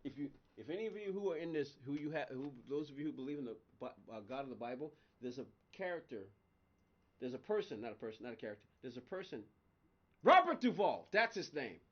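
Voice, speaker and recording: A man's voice: medium pitch, fast talker, highs cut off. A man chatting casually on a live game stream, rambling between stories and laughing often. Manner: chatty, laughs often, voice jumps up when excited. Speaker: gaming livestream host.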